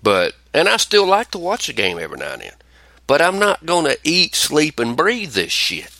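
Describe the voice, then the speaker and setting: A man's voice: on the high side, normal speed, gravelly, dry recording. A man hosting a casual podcast chat, ranting and telling stories with plenty of swearing. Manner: profane, ranting, animated storytelling. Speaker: podcast host.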